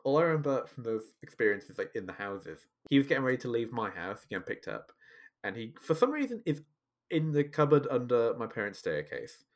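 A man's voice: mid-range voice, very animated, a little fast. A man in a casual chat, telling a childhood story with dramatic, self-mocking exaggeration.

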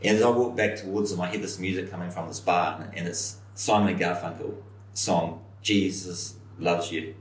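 A middle-aged man, a pastor telling a story in an animated, storytelling way. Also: deep voice, fairly quick. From New Zealand. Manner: animated storyteller, acts out quoted voices. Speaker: senior pastor. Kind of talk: storytelling in a podcast conversation. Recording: roomy echo, somewhat far from mic.

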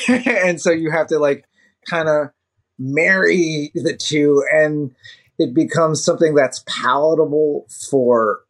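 A man's voice: a little high, fairly even intonation, slow pace. A man guest on a podcast, chatting casually with many restarts, fillers and laughs. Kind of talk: casual interview chat.

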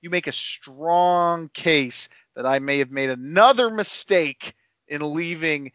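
Animated man, dry close sound. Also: fairly high pitch, slow pace, clean tone, dry recording. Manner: animated, playful banter. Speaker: podcast co-host. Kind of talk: casual wrestling chat.

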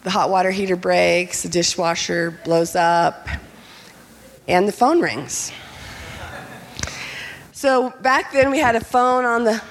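A middle-aged woman telling personal stories to an audience, lively and candid. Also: medium pitch, slow, long pauses, long reverb tail, a little hiss or hum. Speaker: speaker. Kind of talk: personal storytelling talk.

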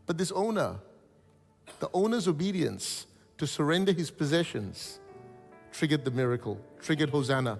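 Pastor guy preaching in a big echoey church, soft music under it, voice jumps all over. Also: on the high side, normal speed, creaky. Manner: animated storytelling preacher, calls out congregation responses. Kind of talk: sermon. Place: church hall.

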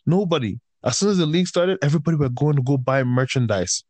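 A man's voice: on the high side, lively intonation, fast, darkish tone, no room sound. A man ranting in casual chat, heated and profane, swinging between raised outbursts and tired, fed-up grumbling.

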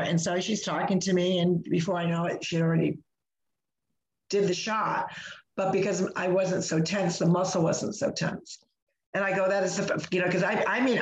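A woman hosting a casual conversation, chatty and full of fillers, telling a personal story in an animated way. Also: lowish voice, reverberant, rough recording. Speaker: host. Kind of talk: casual chat.

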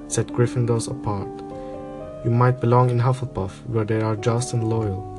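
A man's voice: medium pitch, lightly acted. A man voicing the Sorting Hat, pondering. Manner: musing, drawn-out and pondering. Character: old magical talking hat, wise and probing. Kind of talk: storybook reading.

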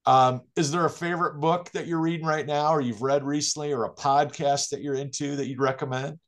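A man's voice: on the high side, steady tone, brisk. A man hosting a podcast, chiming in agreeably and asking questions. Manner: agreeable, eager interjections. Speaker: podcast host. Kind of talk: casual podcast interview.

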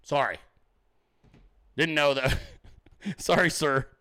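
A man's voice: fairly high pitch, takes it slowly, bright, forceful tone. A man hosting a livestream, ranting profanely and combatively at commenters in his chat. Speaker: show host.

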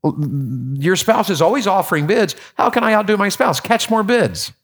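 A high-pitched, expressive man from Tennessee, USA preaches a sermon in a church at normal speed. He's folksy, jokes with the congregation, and often repeats his words.

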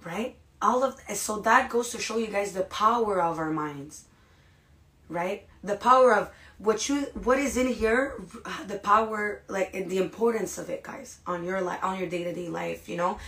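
A woman hosting a podcast, giving an energetic, casual motivational talk and often checking in with "right?" and "you guys". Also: medium pitch, moderate pace. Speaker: podcast host. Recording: echoey room.

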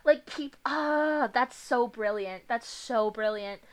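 A young woman co-hosting a podcast, lively and quick to swear, her voice sitting a little high. She talks with big swings in energy. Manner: animated, swears a lot, laughs easily. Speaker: podcast co-host. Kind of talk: casual chat.

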